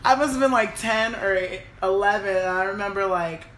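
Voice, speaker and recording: A young woman chatting casually about her past, emotional and animated. She acts out quoted lines with sudden leaps in pitch and volume. The recording sits in an echoey room with a faint hiss underneath. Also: moderate pace. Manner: emotional, animated, quotes people in raised voices. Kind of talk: casual personal storytelling.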